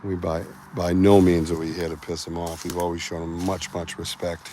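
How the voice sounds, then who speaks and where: A man with a Boston accent hosting a field vlog outdoors in the woods, talking in a hushed, muttering way with loose fillers. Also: deep voice, flat delivery, moderate pace, a little hiss or hum, poor audio. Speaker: vlog host, Bigfoot researcher.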